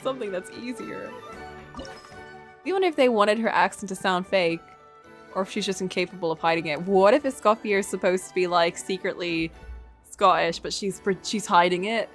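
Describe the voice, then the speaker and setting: A woman with a mid-range voice streams a game at a normal pace, chatting casually, joking, and giggling often. It's laid-back live-stream commentary with game music playing in the background.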